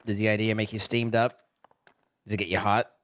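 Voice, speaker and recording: A man's voice: lowish voice, level tone, brisk, fairly bright tone. Rambling American man streamer. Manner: rambling, self-interrupting, joking with chat. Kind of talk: casual live-stream chat.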